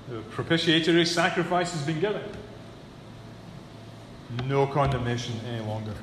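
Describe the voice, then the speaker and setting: A man preaching a sermon, building to emphatic peaks and then dropping low and earnest. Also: lively intonation, normal speed, long pauses, fairly bright tone. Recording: echoey hall with long reverb, faint room hum.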